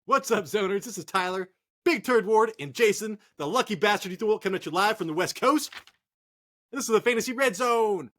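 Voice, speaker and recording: A high, expressive, fairly bright male voice moves briskly, with a little hiss or hum in the audio. The man, from Northern California, co-hosts a fantasy football podcast from a cold garage, full of rambling jokes and swearing.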